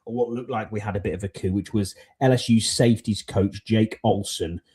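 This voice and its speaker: A man's voice: on the low side, fairly even intonation, fairly quick, darkish tone, slightly rough. A man hosting a podcast in casual, rambling chat, with many fillers. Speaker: podcast host.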